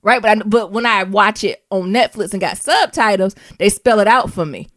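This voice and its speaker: An American woman co-hosts a casual podcast chat, animated and full of slang, often breaking into laughter and spelling words out letter by letter. Her voice sits at a middling pitch and sounds dry and close. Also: moderate pace, no echo. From United States. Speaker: podcast co-host.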